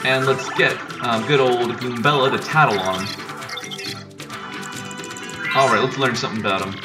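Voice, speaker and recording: A man's voice: medium pitch, normal speed. A man casually commenting as he plays a video game, offhand and joking. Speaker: let's player. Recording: distant mic with loud game music.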